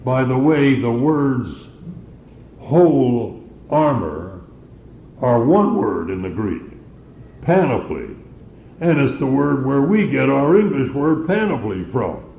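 A man preaching a sermon, teaching scripture in a slow, deliberate way. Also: mid-range voice, sing-song, gravelly, roomy sound, narrow, tinny audio, a little hiss or hum.

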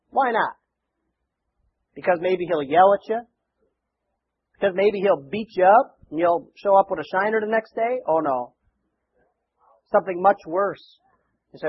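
A male pastor preaches in a chatty style, tossing rhetorical questions at the congregation. His voice is high and husky. The church recording sounds dull and lo-fi. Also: moderate pace, pauses often. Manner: conversational, rhetorical questions, repeats words. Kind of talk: sermon.

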